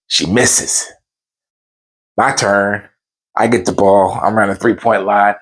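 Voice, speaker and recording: A man's voice: on the low side, unhurried, long pauses, husky. A man telling a funny personal story, acting out the voices in it. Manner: animated, acts out the voices in his stories.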